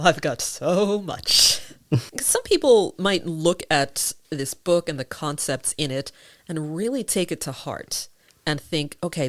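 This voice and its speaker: A woman's voice: on the low side, no room sound. A woman hosting a podcast in casual chat, who laughs often and talks with animation. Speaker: podcast host.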